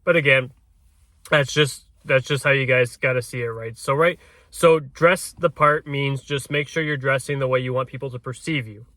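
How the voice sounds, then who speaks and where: A man's voice: mid-range voice, fairly even intonation, normal speed, bright, forceful tone, no echo. A man who works as a realtor, coaching in casual talk, often ending points with "right?" and restarting his words. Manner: peppers sentences with tag "right?". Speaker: realtor coaching door knocking.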